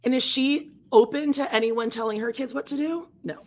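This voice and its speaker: A woman's voice: high-pitched, normal speed. A woman co-hosting a podcast, chatting casually and making sarcastic, mocking remarks. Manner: sarcastic, reads aloud mockingly. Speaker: podcast co-host. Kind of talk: casual chat.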